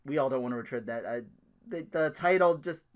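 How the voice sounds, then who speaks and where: A man hosting a solo recap podcast, talking in an animated, ranting way, laughing often and swearing freely. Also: mid-range voice, fairly quick. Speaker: podcast host.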